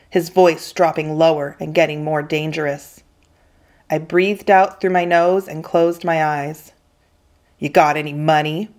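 A woman teacher reading a children's novel aloud with steady, expressive storytelling. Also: on the low side. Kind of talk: children's book read-aloud.

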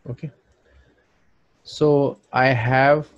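A man's voice: medium pitch, little pitch movement, very slow, no room sound, highs cut off. A man thinking aloud with frequent fillers as he narrates a screen-recorded design tutorial. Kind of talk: screen-recorded software walkthrough.

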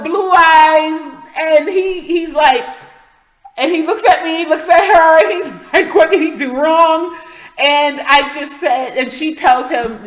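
Woman host, fairly high voice, animated testimony storyteller, corrects herself mid-sentence. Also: big-room sound, rough recording. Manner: animated, breathless retelling with quick self-corrections. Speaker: channel host.

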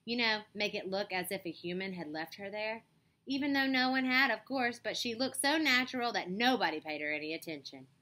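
A woman's voice: mid-range voice, brisk, sharp tone, lightly acted. A woman voicing a curious, adventurous young girl doll in a storybook reading, with an eager, confiding manner. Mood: wistful.

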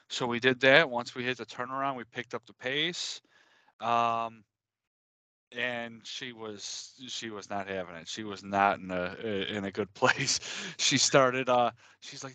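Animated bright-voiced podcast man. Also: medium pitch, unhurried, no echo. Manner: animated, swears freely. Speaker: podcast co-host. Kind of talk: casual podcast storytelling.

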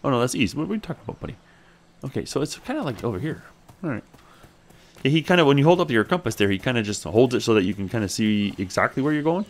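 Gaming host, male, casual let's play commentary, talks to his character, jumps to excited squeals, average pitch. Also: fast. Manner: chatty, thinks aloud and talks to his character; bursts into excited high exclamations.

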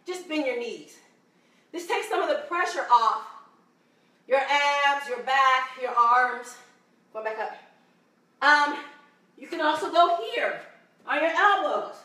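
A woman fitness instructor coaches a home workout with a bright, high voice, counting reps and cheering viewers on. She breathes hard at times, and her voice rings in an echoey room, picked up from well away from the mic. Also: animated, slow, pauses often, recorded from a distance. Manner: encouraging, counting reps aloud.

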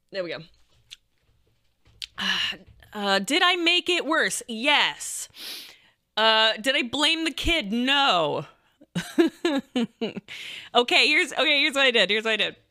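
A young woman telling a crude, self-mocking story to her viewers in a casual, animated way, often laughing. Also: a little high, slow pace, pauses often.

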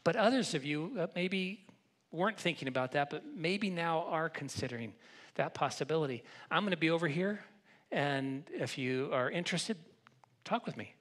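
A pastor gives a sermon in a church sanctuary, his voice a little high, slightly bright and expressive. He moves at a moderate pace, talking conversationally and frequently starting over and repeating words.

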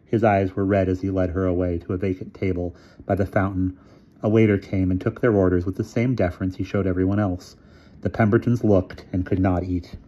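A man reading a short story aloud in measured narration. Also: low-pitched, little pitch movement, dark tone. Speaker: reader. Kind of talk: scripted narration.

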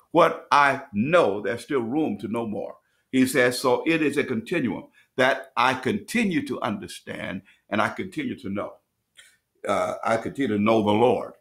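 A man teaching as pastor at a midweek bible study, reading scripture slowly and restating phrases as he explains. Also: mid-range voice, a bit bright. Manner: preacherly, repeats and restates phrases; reads scripture slowly with rising emphasis.

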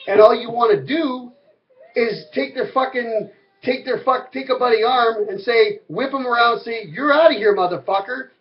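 A man's voice: very high voice, muffled recording. A man ranting to camera as a vlogger, rambling, heated and full of swearing. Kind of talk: angry rant to camera.

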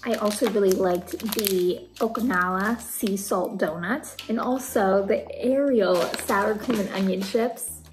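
A woman's voice: medium pitch, slight background noise. Bubbly woman doing a sponsor read. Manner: bubbly, enthusiastic product praise. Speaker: reaction channel host. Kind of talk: sponsor read, then reacting to anime.

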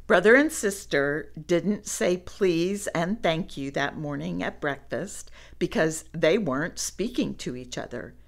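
A woman reading a children's storybook aloud, with animated asides to young listeners. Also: lowish voice. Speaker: storybook reader.

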